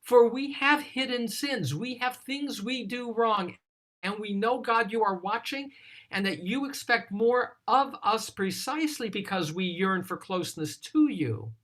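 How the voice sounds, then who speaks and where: A teacher leading a text study, explaining scripture in a deliberate, thoughtful way and lingering on single words. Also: medium pitch, lively intonation, a bit bright. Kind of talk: slow explanatory scripture lesson.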